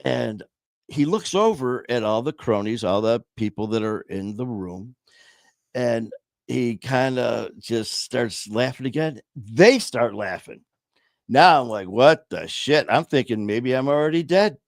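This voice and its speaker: A man's voice: mid-range voice, expressive, measured pace, dry recording, studio quality. A man casually telling a personal story, blunt and profane, with many restarts and trailing phrases. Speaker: podcast host telling his story.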